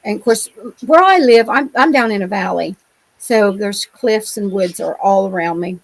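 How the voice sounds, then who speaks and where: A middle-aged woman with a gravelly, creaky edge tells her story as an interview guest. Her pitch sits in an ordinary middle range. She talks in a rambling, colloquial way and often doubles back to restart. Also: normal speed, poor audio. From Ohio. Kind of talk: telling personal encounter stories.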